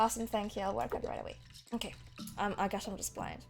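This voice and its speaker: A woman's voice: medium pitch, fairly even intonation, fast talker, gravelly, a little hiss or hum. A young woman streaming a game, chatting casually and giggling, sometimes switching between English and German. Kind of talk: casual gaming stream chat. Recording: faint background game music.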